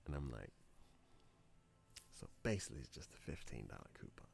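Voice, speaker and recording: A young man with a deep, low-set voice chats casually on a live game stream. He tells a rambling everyday story, acting out both sides of each exchange, and his pitch swings widely between flat asides and high, excited bursts. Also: fairly quick, creaky, husky. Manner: frequent laughs and filler words.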